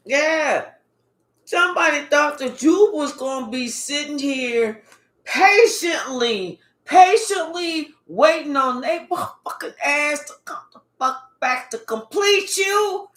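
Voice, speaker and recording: A woman giving a casual tarot reading, animated and profane, with emphatic outbursts. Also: sits high, takes it slowly, echoey room. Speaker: tarot reader.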